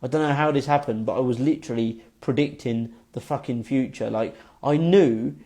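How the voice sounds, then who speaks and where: A man's voice: mid-range voice, normal speed, mellow. A young man casually telling a personal story to the camera, rambling with lots of fillers and swearing. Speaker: vlogger.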